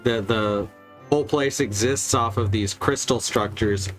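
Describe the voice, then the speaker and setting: A man streaming a game who rambles along in a casual, wry way and swears freely. His pitch sits in the middle range for a man. Faint music plays behind him. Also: a little slow, fairly bright tone. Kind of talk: casual gameplay chat.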